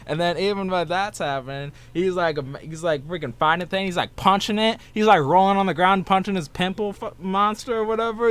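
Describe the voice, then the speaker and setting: A man on a casual panel, excitedly retelling a comic scene with lots of filler. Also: high-pitched, brisk, few pauses, clean tone. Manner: excitable, animated storytelling.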